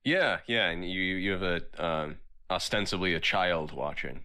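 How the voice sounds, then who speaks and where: Bright-voiced man with dry jokes. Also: deep voice, a little slow, clean tone. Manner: dry, crude one-liners and riffing. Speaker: podcast co-host. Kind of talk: casual podcast chat.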